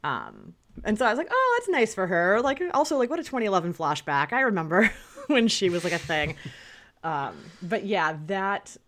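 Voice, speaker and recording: A woman's voice: fairly low pitch, very animated, normal speed, fairly bright tone, slight background noise. A woman hosting a podcast in casual chat, talking freely with frequent laughs and fillers. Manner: chatty, laughs often, lots of fillers. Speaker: podcast host.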